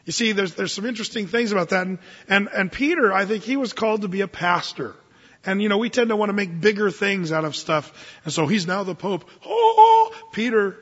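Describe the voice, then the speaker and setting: Husky-voiced man preaching in a hall. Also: high-pitched, dull audio. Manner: animated preaching, reads scripture slowly. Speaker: pastor. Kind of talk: sermon.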